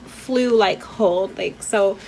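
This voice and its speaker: A woman's voice: medium pitch, takes it slowly, darkish tone, slight background noise, rough recording. A young woman vlogger telling a painful personal story candidly, fighting back tears and a little stuffy from a cold. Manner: candid, emotional, rambling with fillers. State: teary, holding back tears.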